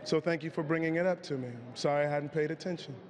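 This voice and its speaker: A hoarse actor answering reporters candidly in an awards press room. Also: male voice, a little high, quick pace, big-room sound. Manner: candid, reflective, loosens up when excited.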